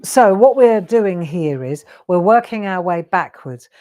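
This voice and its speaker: A woman's voice: lowish voice, lively intonation, a little slow, mellow. A woman hosting a live craft demonstration, chatting and teasing her viewers with frequent laughs. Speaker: craft show host.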